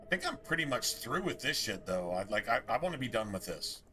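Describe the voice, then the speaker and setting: A man's voice: mid-range voice, big pitch swings, a little fast, pushed and bright, slight background noise. A man streaming a game, rambling casually with a lot of swearing and exasperation. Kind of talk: casual gameplay commentary.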